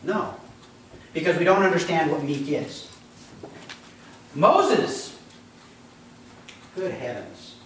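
A man's voice: fairly high pitch, sing-song, slow pace, long pauses, heavy reverb, distant mic, slight background noise, poor audio. A man preaching a sermon as pastor, talking conversationally, quizzing the congregation and acting out voices. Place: church.

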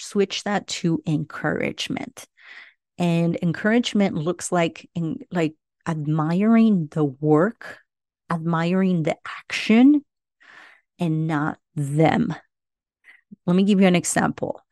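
A woman's voice: fairly low pitch, dark tone, dry recording, studio quality. A middle-aged woman hosting a parenting podcast, speaking earnestly and often checking in with "right?". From Latino family. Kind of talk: advice monologue.

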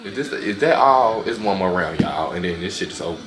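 A man giving sassy, animated reaction commentary on fight highlights, full of exclamations and sudden squealed outbursts. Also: a little fast, echoey room, over music. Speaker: reaction video host.

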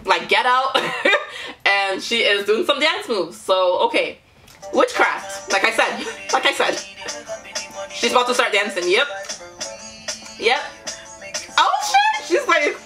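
A woman's voice: medium pitch, lively intonation, unhurried, long pauses. A young woman from Nigeria hosting a casual reaction video, exclaiming and laughing often. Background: faint music from the video.

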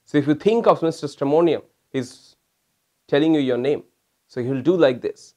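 A man with a fairly high voice lectures as a homeopathic doctor. He talks to his listeners as "my friends" and explains his points with demonstrations. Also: normal speed, dark tone. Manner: addresses listeners as "my friends", mimics stammering patients to demonstrate. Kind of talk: recorded lecture.

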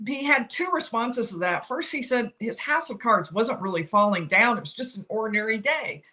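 Older woman doing trial commentary, bright voice, pitch a bit high, acts out the lawyers' lines. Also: normal speed. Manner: explanatory, quotes lawyers with animated emphasis. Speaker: legal commentator. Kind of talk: solo legal commentary.

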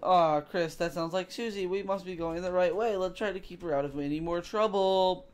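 A man voicing a gentle young prince in a game, speaking softly in a lowered, kindly voice. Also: moderate pace, clear, resonant tone, close to an everyday voice.

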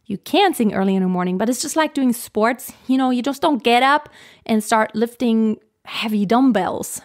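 A young woman with a fairly high voice coaches singers in a loose, chatty monologue. She laughs easily and often breaks off to restart a sentence. The tone stays conversational, like advice from a teacher. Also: moderate pace. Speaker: vocal coach.

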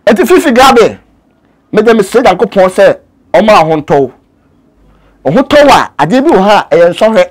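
A man's voice: sits high, big pitch swings, normal speed, long pauses. A Ghanaian man, a native Twi speaker who works as an actor, talking in an earnest, pleading way and switching between languages. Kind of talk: casual interview talk.

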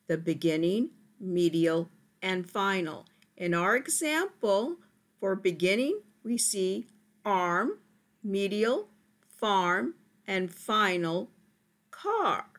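Slow, deliberate woman teaching phonics. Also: mid-range voice. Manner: slow, deliberate, stretches out sounds. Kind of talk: phonics lesson for parents.

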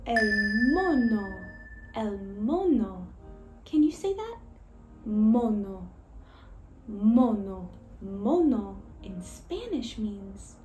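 A woman's voice: fairly high pitch, very animated, very slow, mellow. A woman teaching babies and toddlers, talking in a sing-song voice full of exaggerated gasps. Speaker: children's language teacher. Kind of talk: baby-directed teaching, bilingual. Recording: roomy echo with faint music.

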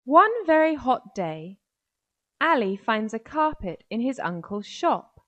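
A woman narrating a children's story in a slow, clear, carefully paced way. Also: a little high, big pitch swings, soft background music.

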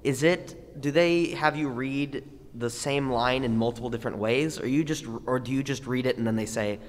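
A man's voice: medium pitch, normal speed. A man in the audience asking a panel guest a question, rephrasing as he goes. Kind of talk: question from the floor. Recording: echoey hall, faint noise.

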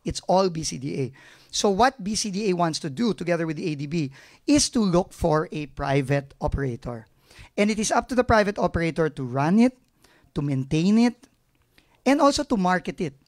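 A man's voice: sits high, sing-song, fairly quick. A middle-aged man with a Filipino accent, a government agency head answering press questions frankly and emotionally, slipping into Tagalog phrases. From Philippines.

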